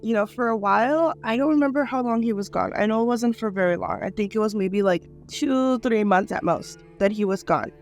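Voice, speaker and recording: A woman telling her own life story in an unscripted interview, speaking in a halting, earnest way full of small fillers. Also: medium pitch, soft background music. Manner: halting and earnest, many "like" and "you know" fillers. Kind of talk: personal testimony, unscripted.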